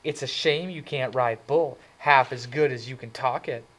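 A man reads out a cool, sharp-tongued teenage girl, her voice pitched well above his own and pushed a bit louder. She sounds biting and dismissive, a storybook girl who will not be pushed around. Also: lively intonation, moderate pace, poor audio.

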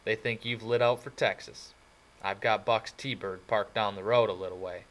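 A man reading an audiobook and voicing a blunt, tough young male greaser with gruff, drawling talk. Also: lowish voice, steady tone, moderate pace, a bit bright, lightly acted, rough recording. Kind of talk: audiobook character voice.

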